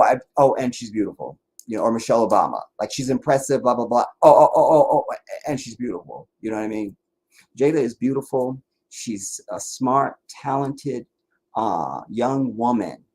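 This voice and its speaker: A husky-voiced man hosts his own live stream in a loose, casual monologue. He talks bluntly and swears freely. His voice swings from low, muttered asides to loud, mocking outbursts. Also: rough recording. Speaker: livestream host.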